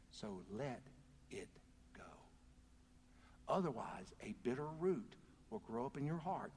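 A man preaching a sermon as pastor, earnest and calling on the congregation to answer back. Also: a little high. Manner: earnest, calls out to the congregation for responses. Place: church. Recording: long hall reverb.

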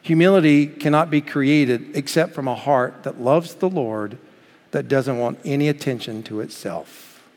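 A man's voice: mid-range voice, unhurried, darkish tone. Pastor man preaching in a reverberant hall. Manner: earnest preaching, explains scripture. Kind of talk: sermon.

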